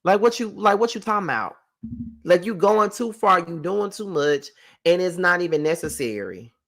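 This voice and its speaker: A man hosting a casual live recap of a reality show, animated and profane, talking back at the people on screen. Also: high voice, moderate pace, gravelly.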